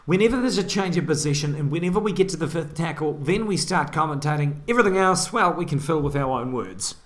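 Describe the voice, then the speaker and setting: A man giving a joking live sports commentary, building into excited play-by-play when the action heats up. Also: fairly high pitch, fast. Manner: excitable play-by-play, rising on big moments.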